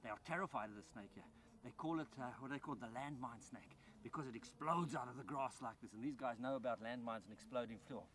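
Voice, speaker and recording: A man presenting a wildlife documentary outdoors in rice fields, animated and excited, dropping to a hushed voice near the animal. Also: medium pitch, quick pace, slight background noise.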